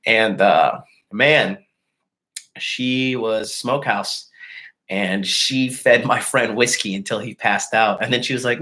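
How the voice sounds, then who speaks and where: A man's voice: fairly low pitch, slow pace, sharp tone. A man in his thirties hosting a casual livestream, telling crude, boastful stories with a lot of swearing and laughter, and greeting viewers as he goes. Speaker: dating coach host.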